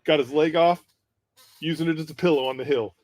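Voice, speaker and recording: Guy cracking up telling a cussing army story, kinda high voice, dry close mic. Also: brisk, no echo. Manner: profane, animated storyteller. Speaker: podcast co-host. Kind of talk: casual storytelling.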